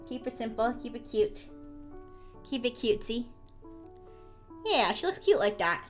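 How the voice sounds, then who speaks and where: A high-pitched woman talks casually on a live stream while drawing. She rambles, breaks off and restarts her sentences, and laughs easily. Soft music plays faintly under her voice. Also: very animated. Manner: chatty and rambling, quick laughs, frequent restarts.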